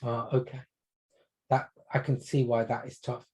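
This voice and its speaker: Brief: man as a gentle GP, soft-spoken, probing questions, in a training role-play. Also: medium pitch, level tone, normal speed, slightly rough, close to an everyday voice. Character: calm, patient GP doctor consulting.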